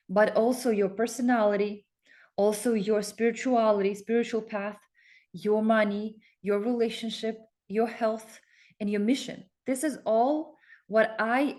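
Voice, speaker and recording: Excited rambling woman coach. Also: on the high side. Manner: excited, rambling, with many fillers and restarts. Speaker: coach promoting a focus group. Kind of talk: casual self-promotional talk with screen share.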